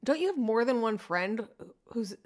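A man's voice: extremely high pitch, lively intonation, moderate pace. A man co-hosting a podcast in casual chat, chiming in with dry, teasing wisecracks. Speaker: podcast co-host.

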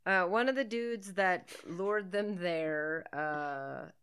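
A woman's voice: lowish voice, fairly bright tone, smooth. A woman co-hosting a podcast, chatting casually and wryly while watching a movie, laughing often. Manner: wry, laughs often, drawn-out sarcastic asides. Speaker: podcast co-host.

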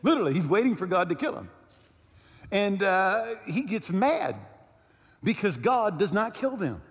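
A man preaches a sermon with a high, lively voice that swings widely in pitch. He drives his points home by repeating phrases and asking his listeners to agree. His words ring out through a church sanctuary with a long, echoing tail. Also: moderate pace, breathy edge. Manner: emphatic, repeats phrases and asks "right?". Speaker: pastor. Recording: long hall reverb.

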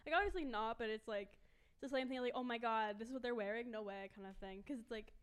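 A woman's voice: a little high, quick pace, smooth. Teen girl host, upper-register voice, chatty and rambling. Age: teens. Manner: rambling, lots of fillers. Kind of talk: casual chat.

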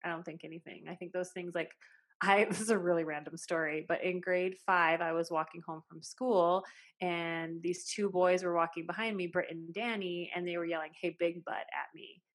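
A woman in her late thirties with a fairly low voice, talking casually as a salon owner. She tells stories in a chatty way, peppered with "like"s. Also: steady tone, normal speed. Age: 30s. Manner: chatty storytelling, many "like"s. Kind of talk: casual podcast chat.

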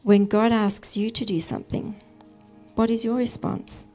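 A woman preacher, giving a calm, measured sermon as a story. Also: medium pitch, soft background music.

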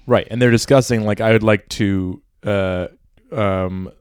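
A relaxed man with a lowish voice chatting about a book, agreeable and explanatory. The sound is dry and close. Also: measured pace, clear, resonant tone, no echo. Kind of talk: casual book chat.

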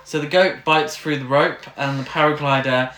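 A woman's voice: low voice, steady tone, normal speed. Woman in an echoey room. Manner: swears freely, laughs often. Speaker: podcast co-host. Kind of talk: casual chat. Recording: echoey room with background noise.

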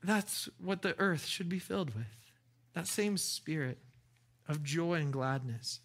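A man's voice: on the high side, lively intonation, measured pace, a bit bright. A man preaching a casual, chatty sermon with enthusiasm, often restarting his sentences and laughing. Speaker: pastor.

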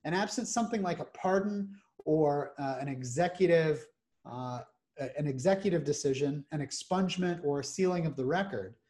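Guy with a slightly high voice walking thru legal points one by one, steady podcast host. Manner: measured, lists points methodically. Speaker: criminal defense attorney host. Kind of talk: explanatory podcast talk.

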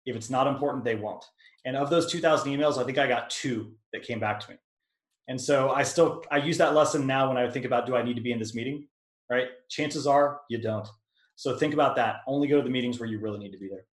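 A male product management instructor answers questions during a webinar Q&A on a video call. He speaks fast at an ordinary middle pitch, loose and conversational, full of ums, fillers and restarts. Roomy echo surrounds the voice.

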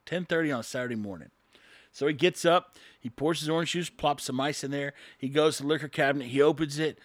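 A man's voice: fairly high pitch, fast talker, no echo. A man, a construction worker, in a sarcastic, rambling opinion monologue to his viewers.

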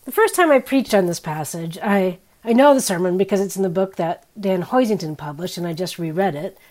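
A woman in her fifties preaching a sermon in a candid, wry, conversational way, her pitch and loudness swinging widely. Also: expressive, a little fast.

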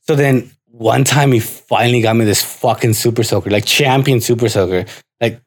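A man's voice: medium pitch, normal speed. A man in his thirties, a podcast co-host telling stories in casual chat, swearing freely, often laughing, acting out his dad and slipping into Spanish. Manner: swearing storyteller who acts out his dad, mixing in Spanish.

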